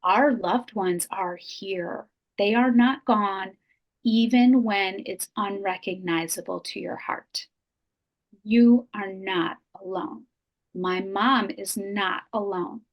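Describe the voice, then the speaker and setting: Woman, middle-aged, podcast guest, earnest, heartfelt storytelling, repeats phrases, medium pitch. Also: slow pace, dull audio. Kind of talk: emotional storytelling interview.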